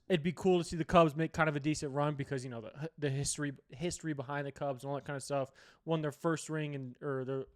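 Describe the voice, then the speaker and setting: A young man hosting a sports show, giving rambling, opinionated and profane picks in casual chat. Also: mid-range voice. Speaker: sports podcast host.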